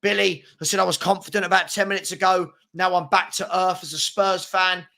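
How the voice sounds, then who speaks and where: A man hosting a live stream, chatting casually and reading viewer comments with an excitable, filler-heavy manner. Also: high-pitched, brisk, creaky. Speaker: livestream host reading chat.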